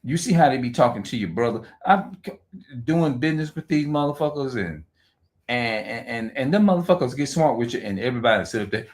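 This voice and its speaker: A man talking off the cuff on a livestream, rambling and profane, repeating and restarting his words, and reading aloud slowly with stumbles. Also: medium pitch, lively intonation. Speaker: livestream host. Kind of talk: unscripted livestream monologue.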